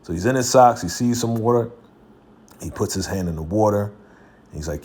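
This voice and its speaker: A man's voice: on the low side, moderate pace, darkish tone, husky. A man hosting his own video, recapping a TV episode in a slangy, casual way and laughing between lines. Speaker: video host reviewing a TV episode.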